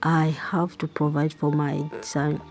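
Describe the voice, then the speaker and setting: A woman's voice: deep voice, little pitch movement, a little slow, vocal fry, darkish tone. A woman voicing a proud, struggling middle-aged father in a self-pitying, pleading tone while retelling a film.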